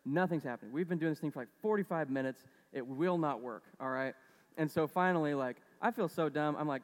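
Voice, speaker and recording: A man's voice: fairly high pitch, brisk. Male preacher, casual sermon, chatty storytelling, long hall reverb. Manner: conversational, many fillers, storytelling. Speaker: pastor.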